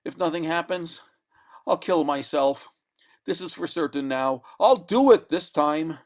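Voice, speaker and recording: A man's voice: a little slow, close to an everyday voice. A man doing a frantic stranded castaway. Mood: desperate. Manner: shouting, high strained pleading. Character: stranded desperate man, frantic, terrified of sleep.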